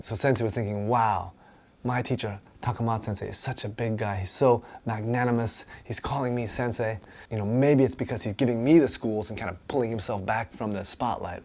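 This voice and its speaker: A man's voice: medium pitch, darkish tone. Guy walking through a manga, upbeat and chatty, keeps saying right?. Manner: enthusiastic, conversational, says "right?" often. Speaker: martial arts instructor. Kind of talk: casual explanation of a manga.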